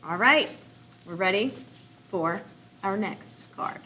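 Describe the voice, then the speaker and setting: A woman's voice: medium pitch, a little hiss or hum. A woman children's librarian with an American accent, cheerfully encouraging children in a reading lesson. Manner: encouraging, cheerful, slow and expressive.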